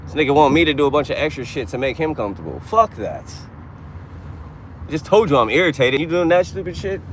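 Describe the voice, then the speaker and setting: A man's voice: fairly high pitch, very animated, a little fast, pauses often, a little hiss or hum. A young man streaming live while driving deliveries, ranting in a casual, heavily profane, irritated way. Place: inside a car on city streets.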